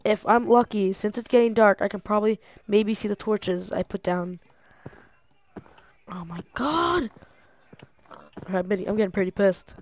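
A young woman giving casual gameplay commentary, excitable and talking to herself, swearing and laughing often. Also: mid-range voice, moderate pace, long pauses. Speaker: gamer.

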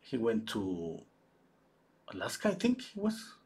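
Male painter, husky voice, halting live-stream chatter with many restarts. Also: fairly low pitch, huge pitch swings, darkish tone. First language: Spanish. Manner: halting, searches for English words, many restarts. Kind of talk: casual chat while painting live.

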